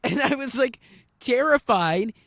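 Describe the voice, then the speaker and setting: A woman's voice: a little high, lively intonation, measured pace, no room sound. A young woman co-hosting a casual podcast, telling a school story with lots of quoted dialogue and laughter. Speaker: podcast co-host. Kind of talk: casual chat.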